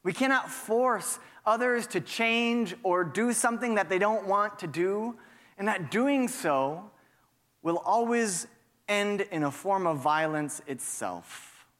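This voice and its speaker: Slow, high-voiced pastor preaching. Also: male voice, expressive, a bit bright, in a large hall. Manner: reflective, asks listeners rhetorical questions. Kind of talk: sermon.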